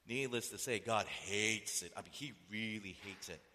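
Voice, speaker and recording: A man's voice: lowish voice, slow pace, pushed and bright. A man preaching a sermon who keeps asking the listeners rhetorical questions. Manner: rhetorical questions, acts out voices. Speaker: pastor. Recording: echoey hall reverb.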